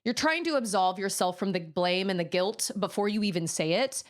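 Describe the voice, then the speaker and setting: A woman's voice: medium pitch, moderate pace. An adult woman game streamer in casual chat, frankly venting about a frustrating week.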